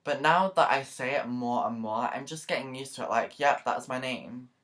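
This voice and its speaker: A woman YouTuber with a rumbling low, fairly bright voice talks to the camera at a normal pace. Her vlog chat is rambling, earnest, and emotional, full of asides and filler words.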